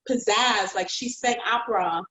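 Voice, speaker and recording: A woman painter telling her own story in an interview, heartfelt and expressive and quick to laugh. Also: mid-range voice. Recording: roomy echo.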